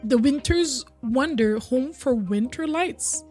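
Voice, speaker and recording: A woman's voice: high voice, expressive, takes it slowly, a little mellow, soft background music. A young woman streaming a game and chatting casually with her viewers, getting over a cold. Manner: chatty, reads and answers chat, hums and sings bits. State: recovering from a cold.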